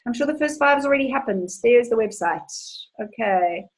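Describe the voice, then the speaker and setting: Chatty, upbeat woman coach, higher voice. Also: lively intonation, fairly quick, low-quality recording. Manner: enthusiastic, chatty, storytelling. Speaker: money coach hosting a webinar. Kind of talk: live webinar Q&A, reading out viewer questions.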